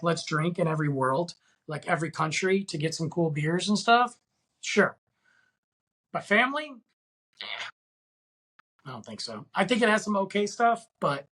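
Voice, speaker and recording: A man's voice: fairly high pitch, pushed and bright, breathy edge. A man hosting a podcast, talking in a casual, rambling and enthusiastic way full of slang. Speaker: podcast host.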